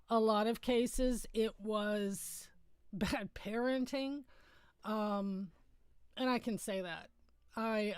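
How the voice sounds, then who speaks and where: A woman's voice: medium pitch, smooth, dry recording. A middle-aged woman hosting a casual livestream from home, chatting in a rambling way and correcting herself as she goes.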